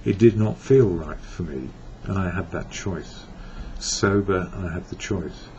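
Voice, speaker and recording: On a dull lo-fi recording with a faint hiss, a man from England speaks in a low, unhurried, slightly mellow voice. He blogs about recovery, and here he reflects on it personally, rambling and revising his phrasing as he talks.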